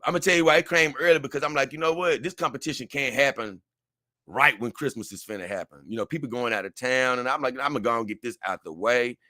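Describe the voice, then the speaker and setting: A man's voice: mid-range voice, fast, no room sound, clean studio sound. A young man hosting a casual livestream, reading viewer comments aloud and rambling with frequent laughter. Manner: rambling, animated, laughs often, reads chat aloud.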